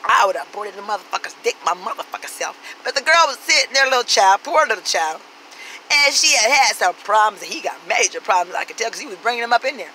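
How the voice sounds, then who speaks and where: A woman's voice: mid-range voice, expressive, fast talker, bright, forceful tone, slight background noise, low-quality recording. A woman telling a profane comic story in a brash, sassy, street-talking way, acting out everyone she quotes. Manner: brash, swears constantly, acts out every quoted voice.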